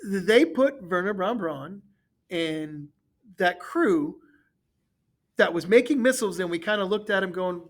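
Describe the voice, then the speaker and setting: High-ish guy co-hosting a history podcast, repeats himself while thinking. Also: lively intonation, measured pace. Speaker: podcast co-host, history teacher. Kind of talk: casual chat.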